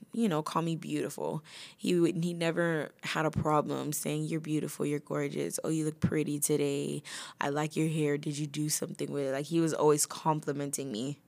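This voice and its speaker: A young woman vlogger telling a personal story in casual chat, laughing often and saying "like" a lot. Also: low-pitched.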